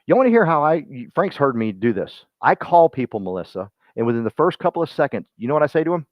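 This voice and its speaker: A man's voice: a little high, fast, dry recording. Folksy man giving a pep talk. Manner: folksy and animated, speaks straight to listeners by name. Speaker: real estate team speaker. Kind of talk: motivational talk to a team. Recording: dull lo-fi sound.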